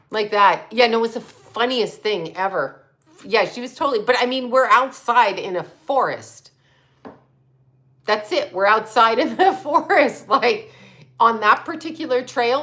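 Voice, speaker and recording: A woman hosting a livestream, telling stories casually, animated, laughing often and swearing freely. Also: medium pitch. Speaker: livestream host.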